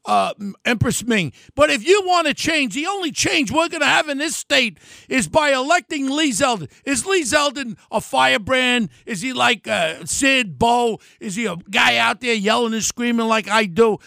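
An older man tears into a combative political rant as a podcast host. His voice sits very high for a man and crackles with gravel, and his tone is sharp and forceful. The sound is close and dry, with no room around it. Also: lively intonation, normal speed, no room sound. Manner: loud, heated, ranting and combative.

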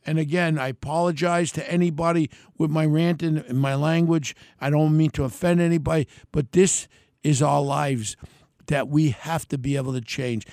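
Older New man, gravelly and fairly high-voiced, blunt heated podcast host, dry close mic. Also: a little mellow, no room sound. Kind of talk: solo political rant.

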